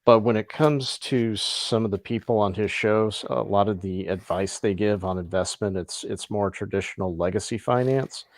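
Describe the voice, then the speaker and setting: A man talking in a casual podcast, measured and thoughtful with hesitant fillers. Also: on the low side, dry recording.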